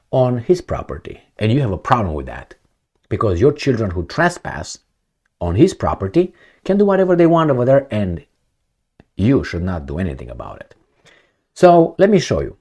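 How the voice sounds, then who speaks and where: A man giving blunt solo commentary, firing rhetorical questions and swinging between loud and soft. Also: medium pitch. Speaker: political commentator.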